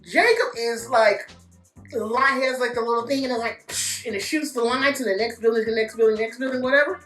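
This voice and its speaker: Animated, laughing woman reviewing a movie. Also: on the high side, fairly quick, roomy sound, soft background music. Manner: animated, laughing, swearing, acting out scenes.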